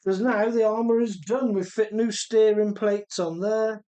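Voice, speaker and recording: A man's voice: high-pitched, steady tone, a little slow, dark tone, clean tone. A man hosting a live stream in his home workshop, chatting easygoing and laughing often as he reads out viewer comments. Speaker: host of a radio-controlled car live stream.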